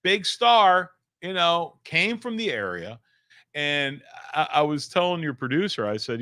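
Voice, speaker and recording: A middle-aged man, a comedian guest telling energetic stories in a small studio, laughing and swearing casually. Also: on the high side, measured pace, dry recording. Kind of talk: animated storytelling chat.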